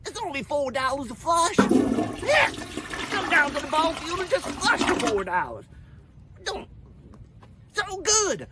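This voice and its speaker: A performer playing a greedy male ball-field owner who pitches overpriced deals with loud, pushy salesman patter in a comedy bit. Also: sing-song, measured pace, pauses often, very noisy. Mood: hustling.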